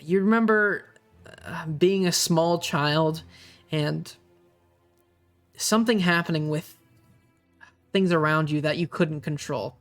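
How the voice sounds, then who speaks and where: A game master narrating a tabletop role-playing game, unhurried and full of ums and uhs. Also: mid-range voice, soft background music.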